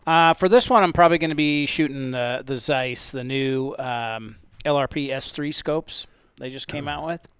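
A man's voice: medium pitch, normal speed, fairly bright tone, clean tone, dry recording. A man talking as a guest on a podcast, answering casually with hesitations and fillers.

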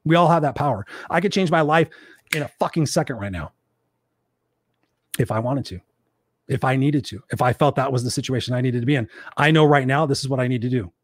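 A man's voice: mid-range voice, a little fast. A man giving a blunt, profane motivational monologue, hammering his points home with rhetorical questions. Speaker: motivational speaker.

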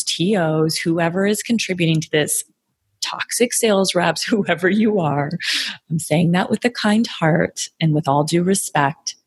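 A woman giving an energetic, emphatic sales coaching talk on a podcast, acting out sample lines she would say to clients. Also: fairly low pitch, husky, dry recording.

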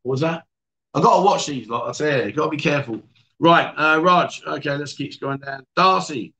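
Brief: male livestream host, playful banter, reads comments, higher pitch. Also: a little fast, sharp tone, poor audio. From England. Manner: teasing, joking banter with guests. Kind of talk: casual livestream chat reading viewer comments.

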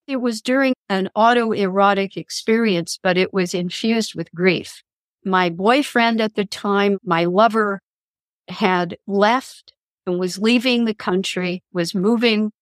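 An author and columnist, appearing as a guest in a podcast interview, shares personal spiritual stories in an earnest, reflective manner. She speaks at medium pitch, and there's no room sound.

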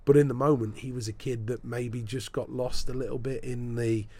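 Man telling lively sports anecdotes. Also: medium pitch, normal speed. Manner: lively storyteller, acts out the people he quotes. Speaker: sports broadcaster. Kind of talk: anecdotal storytelling in a podcast interview.

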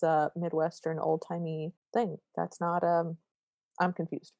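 A woman co-hosting a podcast, recapping a movie in wry, quick, casual chat. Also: lowish voice, steady tone, darkish tone, dry recording. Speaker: podcast co-host.

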